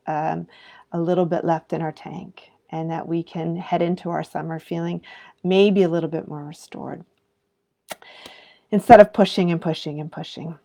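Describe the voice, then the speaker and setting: A woman in her thirties or forties speaks as a mindfulness teacher, addressing educators in an earnest, reflective live talk. Her voice sits a little low and carries a gravelly fry. She keeps turning rhetorical questions back to her viewers. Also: darkish tone.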